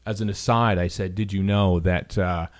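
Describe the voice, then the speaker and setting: Canadian man, fairly low voice, animated podcast storyteller, casual and filler-heavy. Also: normal speed. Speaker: podcast co-host.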